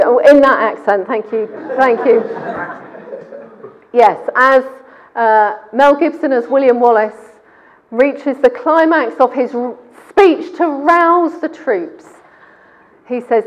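Woman preacher, fairly high, conversational sermon, muffled lo-fi church recording. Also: slow pace. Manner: conversational, quizzing the congregation.

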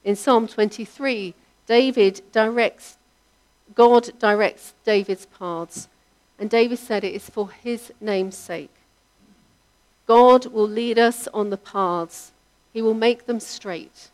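A woman preaching a sermon, in a measured, reflective delivery whose line ends trail off softly. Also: a little high.

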